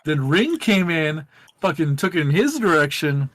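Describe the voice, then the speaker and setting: A man's voice: a little high, very animated, moderate pace, fairly bright tone. Rambling, profane gaming podcast man. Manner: rambling, profane storytelling with many fillers. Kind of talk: casual group chat.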